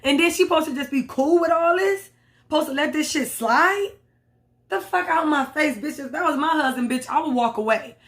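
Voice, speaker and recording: A woman's voice: sits high, normal speed. A woman recapping reality TV in a blunt, sassy, profane commentary. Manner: sassy, blunt, swears a lot. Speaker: reality TV reviewer.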